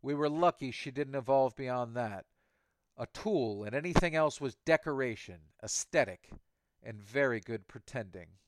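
A man's voice: medium pitch, expressive, moderate pace, no echo, natural voice. A man voicing a cold, contemptuous male hacker villain who lectures dismissively.

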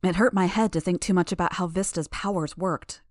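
A woman reading an audiobook chapter in the first person, in a steady, measured manner. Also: lowish voice, no room sound, studio quality. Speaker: audiobook narrator.

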